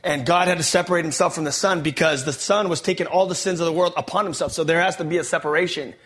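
An excitable man, preaching his testimony to a crowd. His voice sits a bit high, and he tumbles through slangy, energetic storytelling full of quick restarts. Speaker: speaker giving his testimony. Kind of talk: testimony preaching to a live audience.

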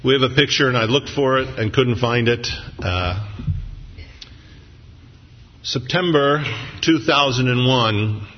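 A man's voice: mid-range voice, takes it slowly, pauses often, slight background noise. A man preaching a sermon as pastor, telling family stories with humor before turning earnest and reflective. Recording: dull lo-fi recording in a reverberant hall.

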